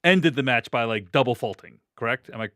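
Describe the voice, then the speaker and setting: A man's voice: mid-range voice, fairly quick, a bit bright, no echo, studio quality. A man hosting a casual film discussion, hesitantly checking his understanding with frequent questions.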